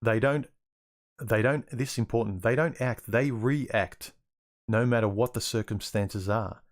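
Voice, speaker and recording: A man's voice: mid-range voice, measured pace. An Australian man hosting a livestream Q&A, reading viewer questions aloud and musing over his answers, often repeating words as he restarts.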